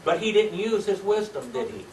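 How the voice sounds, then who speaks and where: A man's voice: sits high, lively intonation, normal speed, distant mic. An older man teaching a Sunday school Bible class, quizzing his students with folksy tag questions. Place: church classroom. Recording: echoey room recorded from afar, faint hiss.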